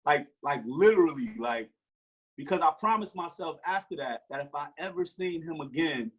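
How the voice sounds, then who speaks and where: Husky-voiced man telling a story. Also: a little high, normal speed, low-quality recording. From Newark, New Jersey. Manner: animated storyteller acting out quoted dialogue. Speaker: guest. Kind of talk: storytelling in an interview.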